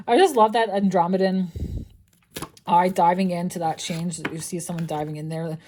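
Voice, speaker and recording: A woman's voice: lowish voice, steady tone, moderate pace, a little mellow, a little hiss or hum. A young woman giving a casual tarot reading, chatty and loose, swearing freely and restarting her sentences often. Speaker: tarot reader.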